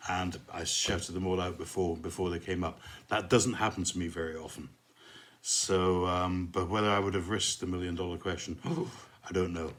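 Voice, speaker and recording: A middle-aged pastor chatting casually in a jokey, rambling way, reading a poem and saying a prayer. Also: male voice, low-pitched. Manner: jokey, rambling, fond of puns.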